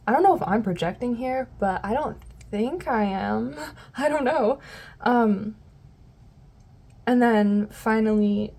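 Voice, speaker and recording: A woman with a warm, medium-pitched voice gives her viewers a casual tarot reading. She rambles and frequently loses her train of thought.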